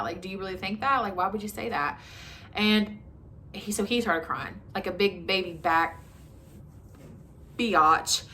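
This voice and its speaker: This twenty-something vlogger tells a frank story about her own life, filler words like "like" and "um" running throughout her conversational delivery. The voice is fairly low, bright and forceful, with slight background noise behind it.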